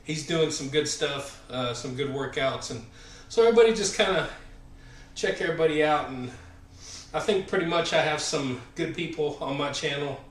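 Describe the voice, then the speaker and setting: Between sets on his fitness live stream, a fortysomething man with a Southern American accent talks casually at normal speed in a higher-pitched voice. He's slightly out of breath, filler-heavy and rambling, tossing out friendly shout-outs. The mic is distant and the room echoes.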